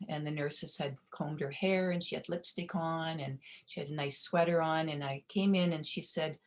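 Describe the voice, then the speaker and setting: Low-voiced woman telling a heartfelt story. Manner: gentle, heartfelt, with restarts. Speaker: webinar presenter on provider well-being. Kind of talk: personal storytelling. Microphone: video call.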